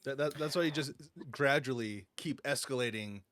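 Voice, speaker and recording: A man's voice: mid-range voice, moderate pace, fairly bright tone, no room sound. A man co-hosting a podcast, teasing the others with frequent laughs and stammered restarts. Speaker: podcast co-host. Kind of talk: casual podcast banter.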